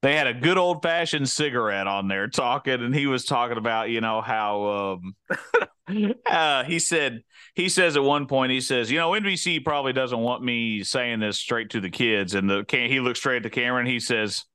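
A man's voice: mid-range voice, moderate pace, pushed and bright, clear, resonant tone, no echo, studio quality. A man in his thirties co-hosting a casual podcast, telling rambling stories and laughing often. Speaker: podcast co-host. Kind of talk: casual chat.

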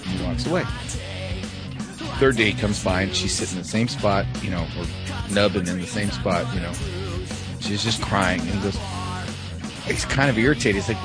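A man's voice: low voice, moderate pace, pauses often, loud music behind the voice. A man hosting a casual podcast, telling jokes in a laid-back way with hesitant fillers. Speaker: podcast host.

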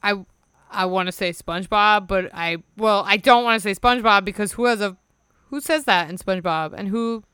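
A woman playing a casual quiz game, making quick guesses and laughing a lot. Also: medium pitch, fairly bright tone, clean tone, no room sound, clean studio sound. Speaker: quiz player.

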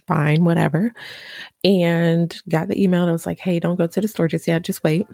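A young mother talks casually to her viewers, laughing as she tells a story with a little drama. Her voice sits low and mellow, with a gravelly, husky edge. The sound is dry and close. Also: level tone, normal speed, no room sound. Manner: chatty, laughing, dramatic retelling. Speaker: vlogger, mother. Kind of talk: casual motivational vlog.

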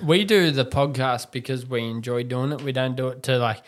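A man's voice: medium pitch, moderate pace. A young Australian man chatting as a podcast guest, telling crude stories full of swearing. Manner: profane, laddish storytelling. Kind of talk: casual chat.

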